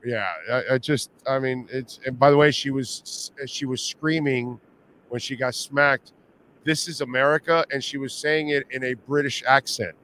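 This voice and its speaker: A man with a Miami accent hosting a sports radio show, talking in an animated, rambling, slangy way. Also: mid-range voice, normal speed, few pauses, a little hiss or hum. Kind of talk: casual sports talk.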